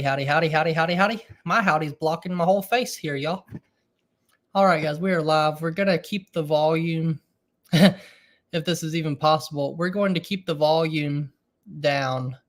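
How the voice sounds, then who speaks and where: A man with a drawl hosting a casual homestead livestream from his kitchen, reading out viewer comments and chatting, sometimes keeping his voice low. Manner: chatty, reads viewer comments aloud, keeps voice low at times. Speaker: livestream host. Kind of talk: casual live-stream chat.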